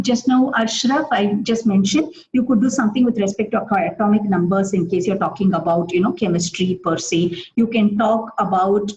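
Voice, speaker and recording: A middle-aged woman with an Indian English accent, giving a live webinar for teachers and explaining with many examples, often pausing on fillers and restarting. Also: medium pitch, a little mellow, dull audio, a little hiss or hum. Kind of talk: live webinar talk answering questions.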